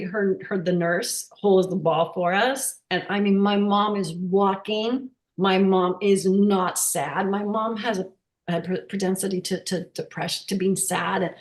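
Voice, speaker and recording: A woman speaks over a video call, telling an emotional personal story. She stumbles and restarts often as she searches for words. Her voice sits at a middle pitch and carries a noticeable roomy echo. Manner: emotional, halting, many restarts. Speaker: workshop participant sharing a story. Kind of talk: casual testimonial.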